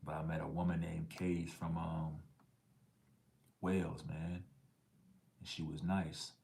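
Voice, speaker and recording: A man's voice: rumbling low, flat delivery, unhurried, creaky, darkish tone. A middle-aged man hosting a casual livestream, reading the chat with laid-back slangy banter and dropping into whispered asides.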